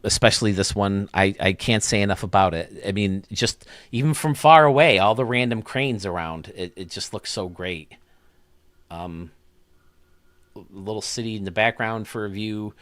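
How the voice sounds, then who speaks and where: A man hosting a video game stadium show, chatting casually and excitably, with lots of restarts. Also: lowish voice, clear, resonant tone, no echo, studio quality. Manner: rambling, excitable, many restarts. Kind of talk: casual chat.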